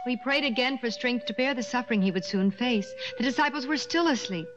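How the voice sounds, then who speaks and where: Expressive woman narrating a children's story. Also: fairly high pitch, brisk, dull audio, music in the background.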